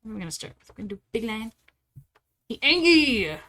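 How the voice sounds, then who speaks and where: A young woman streaming live while drawing, chatting casually and getting bubbly and squealy when excited. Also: medium pitch, rapid-fire.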